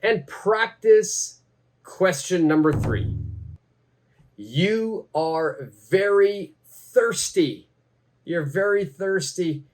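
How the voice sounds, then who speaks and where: A man teaching an English lesson, speaking slowly and repeating each phrase for learners. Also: fairly high pitch. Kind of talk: slow, deliberate teaching.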